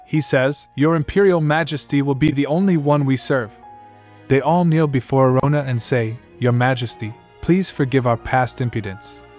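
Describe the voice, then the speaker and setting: A man narrating a manhwa recap, reading the story and the characters' lines in one steady voice. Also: mid-range voice.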